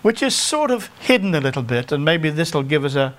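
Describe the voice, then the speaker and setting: Conversational preacher with a Staffordshire accent. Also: male voice, a little high, very animated. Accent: English, North Staffordshire. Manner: conversational, self-deprecating, with halting restarts. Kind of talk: sermon.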